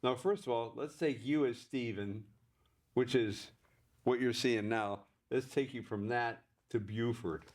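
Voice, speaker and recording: A man interviewing a guest, asking questions in a relaxed, slightly hesitant way. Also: mid-range voice, measured pace.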